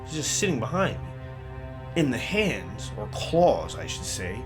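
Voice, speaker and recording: A man's voice: mid-range voice, sing-song, a little slow. A man telling a first-person scary story in a casual, profane, street-style way. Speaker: horror story narrator. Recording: music bed under voice.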